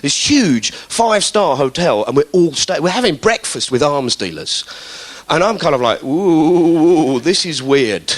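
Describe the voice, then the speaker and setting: A man's voice: on the high side, very animated, moderate pace. A man telling a stand-up story in a sardonic, conversational way. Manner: conversational, sardonic, acting out characters. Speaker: comedian. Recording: hissy live recording.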